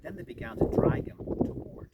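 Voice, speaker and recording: A man giving a dramatic live reading of a storybook as a storyteller and tour guide, adding playful asides. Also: moderate pace. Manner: dramatic, with joking asides to listeners. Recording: far from mic with loud outdoor noise.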